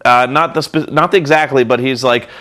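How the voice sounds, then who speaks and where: A man's voice: mid-range voice, a little fast, a bit bright. A man hosting a vlog, telling a rambling, profane, self-mocking story. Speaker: vlog host and reviewer.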